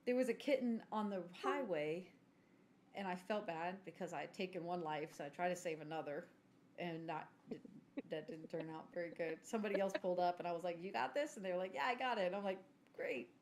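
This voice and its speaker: A woman, telling a story in casual podcast chat, self-mocking and clearing her throat now and then. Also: fairly low pitch, fairly quick, darkish tone. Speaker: podcast co-host.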